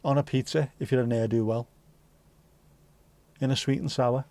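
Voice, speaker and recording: Speaking at medium pitch with a steady, slightly mellow, creaky tone, a man with a Scouse accent runs a livestream. The recording is dry; his pace is moderate as he rambles through viewer comments, cracking jokes and cursing freely.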